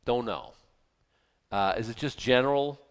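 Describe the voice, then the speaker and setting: A man's voice: medium pitch, a little slow, clean tone. A man leading a conversational Bible study, earnest and repeating himself, with frequent fillers and restarts. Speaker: Bible teacher. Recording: long reverb, hall.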